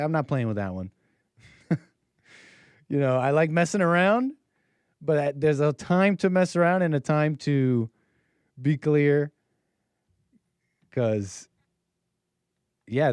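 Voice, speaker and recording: A man's voice: medium pitch, a little mellow, no echo. A man hosting a call-in talk show, rambling and joking with lots of fillers and restarts.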